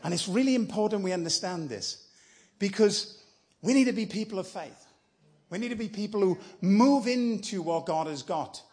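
Male guest preacher, high husky voice, conversational and encouraging. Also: lively intonation, moderate pace, a little mellow. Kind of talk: sermon. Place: church.

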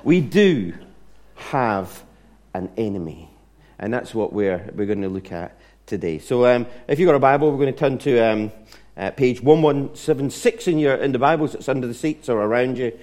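A man preacher delivering a sermon in an animated storytelling manner, with frequent restarts. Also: medium pitch, fairly quick.

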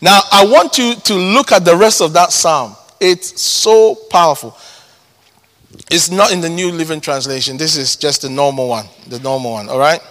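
A man preaching a sermon, emphatic, repeating key words and swinging between loud and hushed. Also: fairly high pitch, moderate pace. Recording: long hall reverb.

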